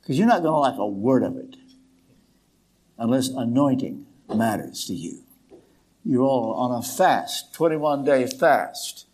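An older man preaching a sermon in a slow, dramatic way, with emphatic pauses. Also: medium pitch, big pitch swings, a little mellow.

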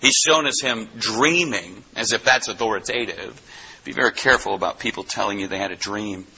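A man preaching a sermon, teaching from the Bible with animated delivery and acted-out quotes. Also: on the low side, a little fast, gravelly, lo-fi sound, a little hiss or hum.

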